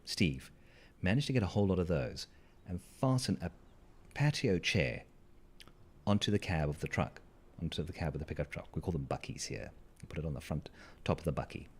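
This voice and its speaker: A man's voice: deep voice, a little mellow, slightly rough. A man telling a wry, rambling story to his stream, with asides to the listeners. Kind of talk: casual storytelling while gaming.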